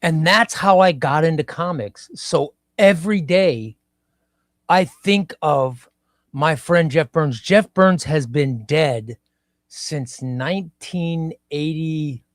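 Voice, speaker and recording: A man in his fifties hosting a casual live stream, talking slowly and reflectively and often repeating his phrases. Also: fairly high pitch, no room sound, clean studio sound. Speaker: livestream host. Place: home room.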